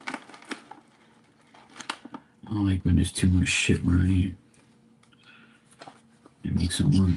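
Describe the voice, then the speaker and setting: A man's voice: low-pitched, little pitch movement, slow pace, creaky, long pauses, noisy background. A man hosting a tarot livestream, rambling in casual, profane chat with his viewers. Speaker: tarot reader livestream host.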